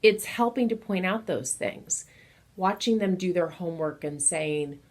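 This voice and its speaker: A woman with a notably low voice talks parents through helping their children, casual and unscripted. She sounds earnest and encouraging, middle-aged, and keeps coming back to specific examples. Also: measured pace, a little mellow. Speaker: children's educator advising parents. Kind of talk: casual advice talk to parents.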